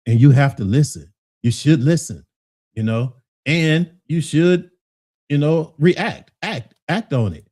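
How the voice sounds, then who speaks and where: A man's voice: a little high, takes it slowly, a little mellow. A man hosting a casual talk show, reading listener comments and answering in a loose, conversational way. He laughs often and keeps saying "you know what I'm saying".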